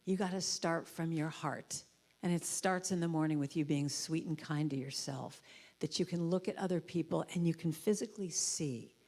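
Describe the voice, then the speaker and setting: In a church sanctuary, a woman who is a guest speaker and musician tells stories in a warm, conversational sermon, voicing the characters herself. She speaks low at a normal pace.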